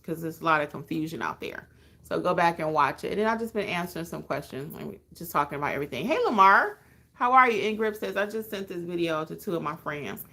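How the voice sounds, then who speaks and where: A woman hosting a casual live stream as a notary trainer, reading viewer comments aloud in an animated, encouraging way. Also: fairly low pitch. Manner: animated, emotional, encouraging, calls viewers honey.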